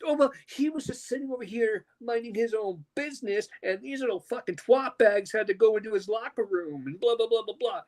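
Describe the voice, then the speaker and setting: A man co-hosting a podcast from home, ranting loudly and angrily with a lot of swearing. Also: high-pitched, a little fast, few pauses, rough recording. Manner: loud, profane, animated ranting. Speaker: podcast co-host. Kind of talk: heated podcast rant. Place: at home with his dog.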